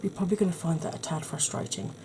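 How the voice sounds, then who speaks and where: Brief: woman, soft ASMR tutor, husky, mellow low voice, faint hiss. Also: fairly even intonation, fast talker. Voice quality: slightly husky. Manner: chatty, explanatory, soft-spoken. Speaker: makeup tutorial host.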